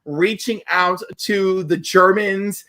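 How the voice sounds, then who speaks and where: A podcast co-host from New York tells stories during casual chat, animatedly acting out quotes along the way. His voice is medium in pitch and slow.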